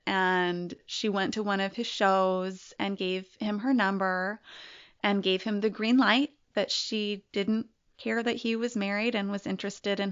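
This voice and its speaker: Woman guest telling her own story, slow and reflective, on a dull lo-fi recording. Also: medium pitch, smooth. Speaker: interview guest. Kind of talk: personal story in an interview.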